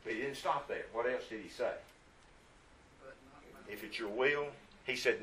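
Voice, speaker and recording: Man preaching in church, medium-pitched voice, reads verses aloud, asks the crowd questions, goes quiet then punchy. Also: measured pace, pauses often. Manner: reads scripture aloud and quizzes the congregation; swings from hushed to emphatic. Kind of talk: sermon.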